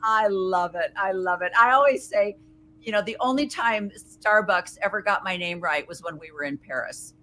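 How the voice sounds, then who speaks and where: Middle-aged woman host, mid pitch, eager and affirming interviewer. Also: moderate pace, sharp tone, slight background noise. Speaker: podcast host. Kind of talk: casual interview chat.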